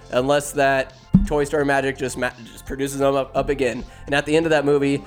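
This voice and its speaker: A young man chats loosely and profanely as he ranks films, cracking self-deprecating jokes along the way. His voice sits a little high for a man. Faint music plays softly underneath. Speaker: solo movie-ranking streamer. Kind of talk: casual rambling commentary.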